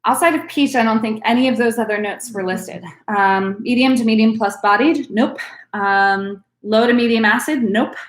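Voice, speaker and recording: A woman's voice: fairly high pitch, normal speed, echoey room. A woman leading a live online wine tasting class as instructor, upbeat and coaching, with frequent ums. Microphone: video call.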